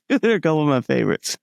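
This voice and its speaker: A middle-aged man chatting as a podcast guest, an animated storyteller who acts out little voices in his anecdotes. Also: on the high side, quick pace, vocal fry, no echo, dull audio. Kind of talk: casual chat.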